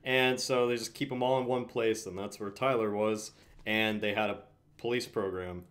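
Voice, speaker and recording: A young man on a casual livestream, chiming in with wry comments and quick reactions. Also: on the low side, steady tone, fairly bright tone.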